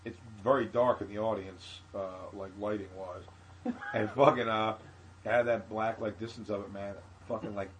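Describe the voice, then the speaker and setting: A man's voice: on the low side, moderate pace, dull audio. Guy comic telling a wild story on a podcast, swears a lot, does all the voices, little bit of hiss behind him. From Philadelphia area. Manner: animated, profane anecdote with acted-out quotes. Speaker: comedian guest.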